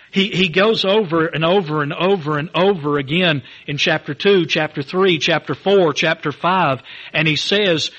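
A man's voice: on the high side, a bit bright. A man preaching a sermon, building emphasis through repetition and reading scripture aloud in old-fashioned wording. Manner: reads scripture in King James wording. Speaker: pastor.

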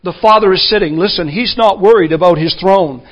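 A man preaching a sermon, building to forceful, emphatic declarations. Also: high-pitched, fairly quick.

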